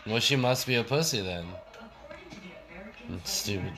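A man's voice: mid-range voice, lively intonation, a little slow, fairly bright tone, soft background music. A man chatting on a podcast, cutting in with blunt, sarcastic remarks. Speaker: podcast co-host. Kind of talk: casual chat.

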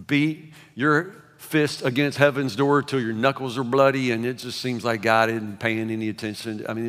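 A man delivering a sermon in a ringing, bright voice pitched a little high. He swings from forceful emphasis to near-whispered asides, stumbling and repeating words. The sound carries the long reverb of a large hall. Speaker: pastor.

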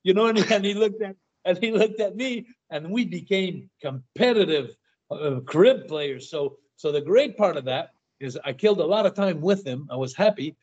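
A man's voice: sits high, normal speed. Stammering man telling road stories, lo-fi. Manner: stammers and repeats words, animated anecdotes. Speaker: guest. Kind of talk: casual interview storytelling. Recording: dull lo-fi sound.

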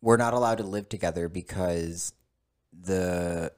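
A man's voice: low-pitched, measured pace. A man guest in casual conversation, telling a story with plenty of swearing and acting out both sides of the dialogue. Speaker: podcast guest.

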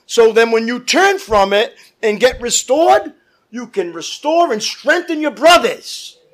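A man's voice: very high voice, sing-song, unhurried, a bit bright. A man preaching a fervent sermon as pastor, calling out to his congregation. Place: church.

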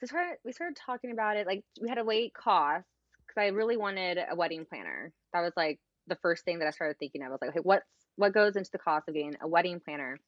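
A woman's voice: on the low side, animated, fast talker, no echo, highs cut off. A young American woman, a podcast guest, telling a long personal story in casual chat. She talks animatedly, acts out the dialogue she quotes and says "like" often.

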